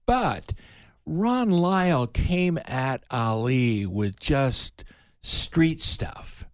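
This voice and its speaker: Older man telling lively stories. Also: drawn-out words, dry recording. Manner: animated storyteller, pitch jumps up when excited. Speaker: interview guest, veteran broadcaster. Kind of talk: reminiscing in casual conversation.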